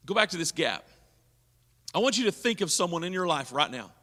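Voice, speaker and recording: A man's voice: high-pitched, very animated, a little fast, sharp tone, long reverb tail. A man leading a leadership seminar at a church, teaching and asking his audience questions. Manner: engaging, asks the audience questions. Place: church hall.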